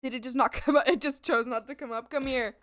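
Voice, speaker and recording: A bubbly young woman chats quickly as she draws on a stream at home in her apartment, now and then squealing with excitement. Her voice sits high, steady, and fairly bright.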